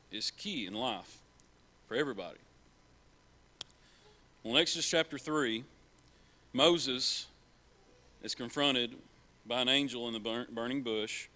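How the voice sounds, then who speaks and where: Bright-voiced man preaching earnestly. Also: mid-range voice. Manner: earnest, repeats key phrases for emphasis. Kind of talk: sermon. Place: church.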